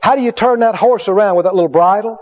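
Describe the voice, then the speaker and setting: A man's voice: high-pitched, quick pace, a little mellow. A middle-aged male preacher telling a story in a sermon, repeating words for emphasis. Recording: dull lo-fi recording.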